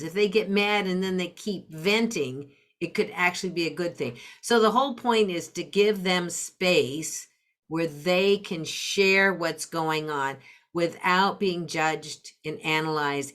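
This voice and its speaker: A woman's voice: on the low side, a bit bright. A middle-aged woman, a parenting coach and podcast guest, explaining step by step and acting out example phrases. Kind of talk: explanatory interview talk.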